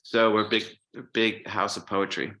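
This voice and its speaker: Man, low voice, podcast guest, relaxed anecdotes, casual swearing. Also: measured pace. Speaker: guest musician.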